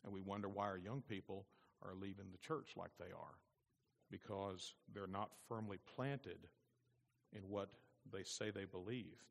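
A man's voice: low voice, steady tone, a little slow, creaky. A male pastor preaching a sermon with emphatic repetition to his congregation. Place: church sanctuary. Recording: long reverb in a church hall.

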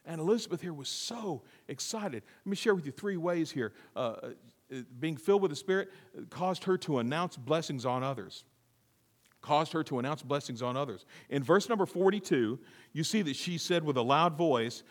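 A man preaching a sermon as pastor, reading scripture and swinging from hushed asides to loud, emphatic repeated lines. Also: on the high side, expressive, normal speed. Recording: long reverb of a large room.

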